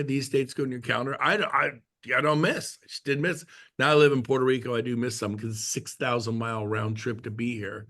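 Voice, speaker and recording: A man's voice: mid-range voice, fairly bright tone. Chatty joking man on a call. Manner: chatty storyteller, jokey, acts out quotes. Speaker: guest speaker at a real estate team meeting. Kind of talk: casual talk on a video call.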